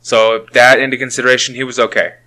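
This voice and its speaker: Swearing, animated man with a bright voice. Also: medium pitch, quick pace, poor audio. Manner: animated, swears freely, acts out quotes. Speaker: film reviewer. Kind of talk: casual chat.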